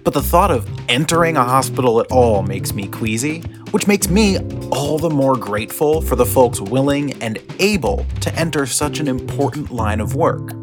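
A man's voice: medium pitch, lively intonation, normal speed, hardly any pauses. Man hosting over guitar music. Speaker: podcast host. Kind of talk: scripted podcast introduction. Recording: clear guitar music underneath.

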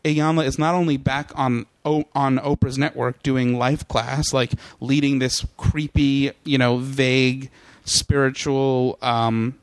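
A man's voice: medium pitch, little pitch movement, slow, dry recording. A young adult man, a podcast guest, telling a comic story in casual chat, laughing often and breaking into mocking impressions.

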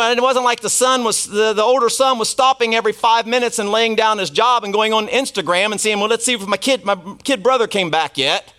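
A man delivers a sermon in a high, light voice. He tells the story loosely and conversationally. He breaks off to toss asides and questions to the congregation. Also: a bit bright. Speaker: pastor.

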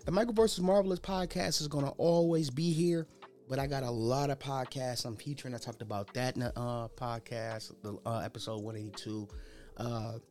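A man's voice: medium pitch, darkish tone. A young man hosting his own podcast, talking unscripted in a loose, rambling, slangy way. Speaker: podcast host. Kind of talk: unscripted casual monologue.

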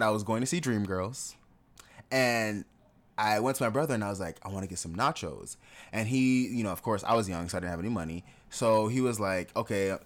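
Candid laughing man telling stories. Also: fairly low pitch. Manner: candid, laughs often, animated when acting out others. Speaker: podcast co-host. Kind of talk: casual conversational storytelling.

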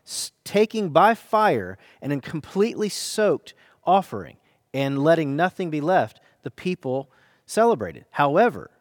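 An American man, a pastor, delivering a sermon with earnest, dynamic emphasis, slowing down to stress key phrases. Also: on the high side, sing-song, no room sound, studio quality.

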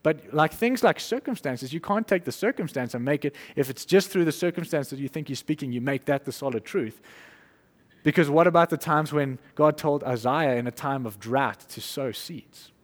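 A man preaching an informal sermon, conversational and animated, acting out little quotes and laughing as he goes. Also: on the high side, normal speed, long reverb tail.

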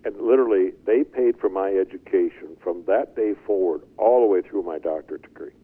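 An older man telling his life story as an interview guest, animated and chuckling as he goes. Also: low voice, fairly quick. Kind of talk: storytelling testimony. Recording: tinny phone-like line.

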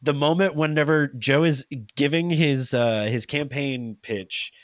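A man's voice: fairly high pitch, measured pace, no echo, studio quality. A man chatting casually with friends as a podcast co-host, telling stories animatedly and acting out what people said. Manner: animated storyteller, mimics people in quotes. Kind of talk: casual chat.

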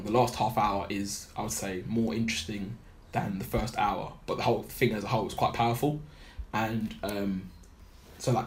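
A man on a film podcast recounting a documentary in casual chat, pausing often with fillers as he searches for details. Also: on the low side, slight background noise. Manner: halting, many fillers while recalling a documentary.

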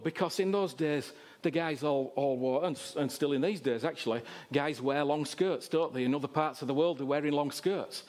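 A man preaching a sermon, swinging between loud, impassioned exhortation and quiet, intimate asides. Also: fairly high pitch, moderate pace.

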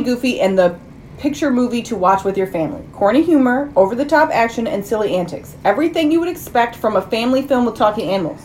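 A woman co-hosting a casual movie podcast, reading viewer reviews aloud with animated emphasis. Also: a little high, fast, slight background noise. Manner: animated, reads quotes with emphasis. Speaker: podcast co-host.

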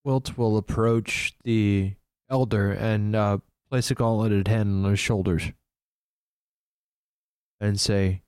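A man's voice: fairly low pitch, steady tone, slow pace, pauses often, a little mellow, clear, resonant tone, dry recording. A man playing a tabletop game, describing his character's actions in a plain, matter-of-fact way. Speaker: player.

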